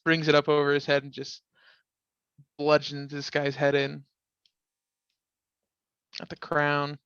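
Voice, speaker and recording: A man's voice: a little high, monotone, takes it slowly, fairly bright tone, clean tone, no echo, dull audio. A man playing a tabletop game, describing his character's moves hesitantly with many fillers. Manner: hesitant, lots of uh and um. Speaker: player. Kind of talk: casual chat.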